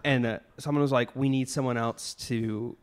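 A young man chatting as a podcast guest, halting and hesitant as he recalls things. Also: medium pitch, steady tone. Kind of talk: casual chat.

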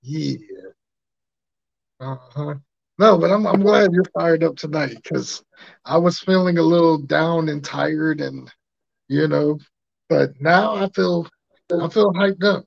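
Casual male podcast host, slangy, a bit higher voice, dry close mic. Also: slow pace, gravelly, pauses often, dry recording. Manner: laid-back slangy banter. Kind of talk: casual chat. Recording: dull lo-fi sound.

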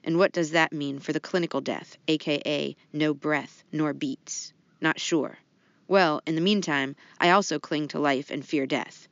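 A woman's voice: low voice, no room sound. Woman co-host with a dry, muffled sound. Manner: laughs easily, casual with fillers. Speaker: podcast co-host. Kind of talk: casual podcast chat, reading a listener letter.

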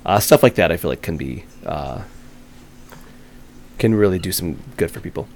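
Casting note: lower-voiced male podcast co-host, loose and rambling, lots of "uh" and "like". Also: expressive, moderate pace, darkish tone. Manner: rambling, filler-heavy. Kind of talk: casual gaming chat.

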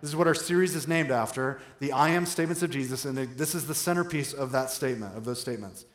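A male pastor preaching an animated sermon, shifting between loud emphatic bursts and slow, quiet phrases. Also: medium pitch. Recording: echoey hall reverb.

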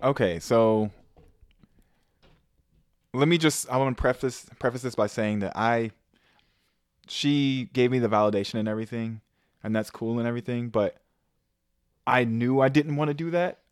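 A man's voice: medium pitch, moderate pace, pauses often, clear, resonant tone, dry recording, studio quality. A man co-hosting a podcast, telling a story with lots of swearing. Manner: animated storytelling, swears a lot. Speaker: podcast co-host. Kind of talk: casual chat.

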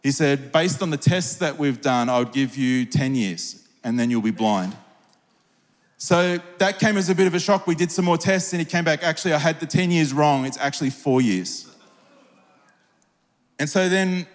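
A middle-aged man, a pastor, preaching a sermon with an earnest, personal storytelling manner that builds into fervent prayer. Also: a little high. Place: large church hall. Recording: long hall reverb.

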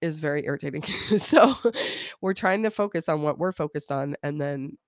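A woman's voice: low-pitched, moderate pace, no echo, studio quality. A woman in her thirties hosting a casual solo podcast about parenting, chatty, laughing often and quoting her kids. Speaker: podcast host.

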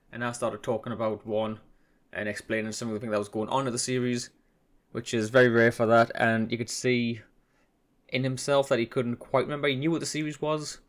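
A man hosting a casual solo podcast, rambling and self-deprecating, with hesitations and restarts. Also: medium pitch. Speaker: podcast host.

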